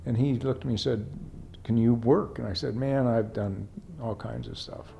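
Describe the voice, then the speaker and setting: Gravelly older man telling stories. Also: mid-range voice, steady tone, moderate pace, warm tone, soft background music. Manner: rambling, anecdotal, many "you know" asides; gets emotional. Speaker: painter. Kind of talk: documentary interview storytelling.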